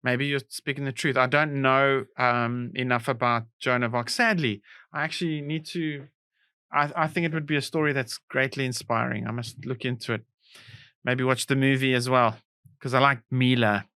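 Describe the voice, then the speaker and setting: Male podcast co-host, bright tense tone, dry sound, thinks out loud. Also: medium pitch, steady tone, moderate pace, smooth, dry recording. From South Africa. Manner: musing aloud, guessing and reacting. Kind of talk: casual comedy podcast chat.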